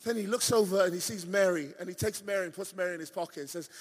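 A man preaching a sermon, telling a story and building up to shouting. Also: high voice, fast, in a large hall.

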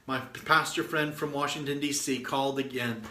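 Middle-aged man, preacher, fervent storytelling sermon, bright tense tone, roomy echo. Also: mid-range voice, steady tone, moderate pace. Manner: fervent, exhorting, piles up repeated "and"s. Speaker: preacher sharing a testimony.

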